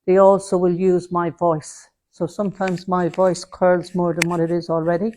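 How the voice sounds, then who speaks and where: There's slight background noise as a woman with a fairly low voice, little pitch movement and normal speed demonstrates mediumship for an audience. In the spiritualist centre hall she chats, quotes the messages she relays, and calls people love and darling.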